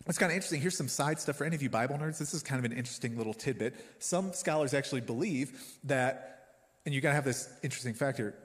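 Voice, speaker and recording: A man delivers a sermon as a pastor, loose and conversational, dropping jokes between points. His voice sits at an ordinary pitch and carries a long reverb, as if spoken in a big hall. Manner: casual, joking, conversational preaching.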